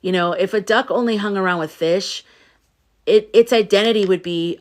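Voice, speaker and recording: A middle-aged woman, a spiritual coach, hosts a casual livestream and talks to her viewers in a playful, rambling way, swearing now and then. Her voice sits at medium pitch and moves at a moderate pace.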